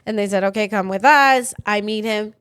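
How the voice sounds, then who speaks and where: A woman's voice: medium pitch, moderate pace, clean tone. A woman co-hosting a podcast, telling stories in casual chat and acting out the quotes. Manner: animated, acts out quotes, breaks into silly sung bits. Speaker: podcast co-host.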